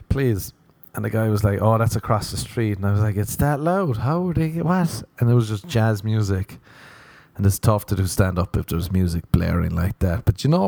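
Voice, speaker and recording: A man's voice: lowish voice, gravelly, warm tone, no echo. An Irish man who does stand-up, telling profane, playful stories in a casual rambling podcast monologue while sunburnt. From Ireland. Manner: profane, playful storytelling with mocking quoted voices. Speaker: comedian podcast host.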